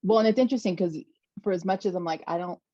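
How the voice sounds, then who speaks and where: A woman guest in casual conversation, relaxed and self-deprecating, laughing between phrases. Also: fairly low pitch, rapid-fire, dry recording. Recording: dry, dull lo-fi mic.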